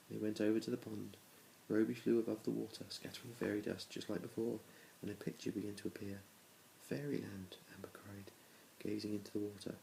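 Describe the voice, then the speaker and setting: A man with a lowish, gravelly, warm voice reads a children's storybook aloud to his kids in a plain reading voice, making small restarts and changing little between characters. The audio is poor, with slight background noise.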